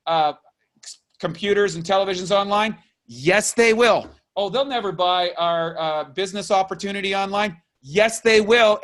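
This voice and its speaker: A man's voice: high voice, a bit bright. A middle-aged man from Canada, a business coach giving a fired-up, urgent motivational rant full of rhetorical questions.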